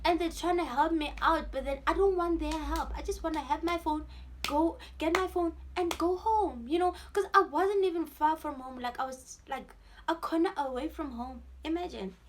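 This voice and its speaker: A young woman with a South African accent tells a storytime vlog with a lot of drama. Her voice sits high, and she acts out the people in the story as she goes. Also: normal speed, a little hiss or hum. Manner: animated storytelling, switching into Sesotho-style phrases and acting out voices. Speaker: vlogger.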